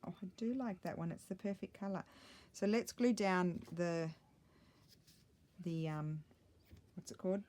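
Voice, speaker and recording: Mellow chatty woman crafting. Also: fairly low pitch, measured pace. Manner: chatty, thinks aloud, muttering asides. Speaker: craft vlogger. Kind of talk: casual crafting chat.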